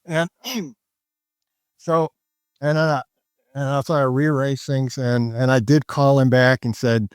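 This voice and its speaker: Here a guest trader, an older man on an interview show, rambles through a casual story full of fillers and restarted sentences. His mid-range voice is clear and resonant, with fairly even intonation, a slightly slow pace, and frequent pauses, recorded dry and close with no echo.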